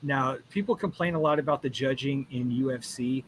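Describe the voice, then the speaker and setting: A man hosting a podcast, asking his guest questions in a relaxed, casual way. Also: medium pitch, fairly quick, slight background noise, rough recording. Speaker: podcast host. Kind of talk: casual interview.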